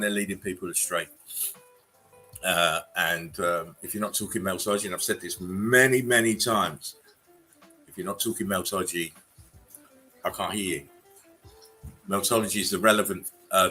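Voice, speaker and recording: A man hosting a casual livestream chat, relaxed and rambling as he greets viewers and laughs between remarks. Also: sits low, normal speed, long pauses, soft background music. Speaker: livestream host.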